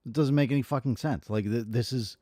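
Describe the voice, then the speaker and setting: A man's voice: mid-range voice, mellow, no room sound. A man streaming at home, reading a historical text aloud and breaking off into exasperated, profane commentary with many fillers and restarts. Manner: exasperated, profane asides between halting read-aloud passages.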